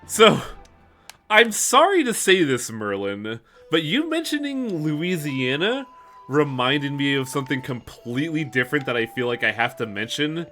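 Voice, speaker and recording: Male streamer, bright and animated delivery, casual and profane, light music bed. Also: a little high, normal speed. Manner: swears freely, expressive. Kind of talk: casual chat while playing a game.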